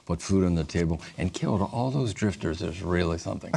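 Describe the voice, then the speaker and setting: A man's voice: sits low, brisk, creaky, darkish tone. A man appearing as a talk show guest, reading jokes aloud with a dry, hesitant delivery.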